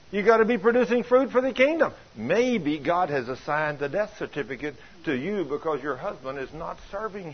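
An older man preaching a folksy sermon, telling stories with chuckles and plain colloquial grammar, with a husky voice. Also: fairly high pitch. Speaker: pastor. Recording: dull lo-fi sound.

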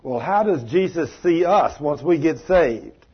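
A man's voice: fairly high pitch, animated, measured pace, breathy edge, muffled recording. A male preacher giving a fervent, emphatic sermon. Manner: fervent, emphatic, tells stories with acted quotes.

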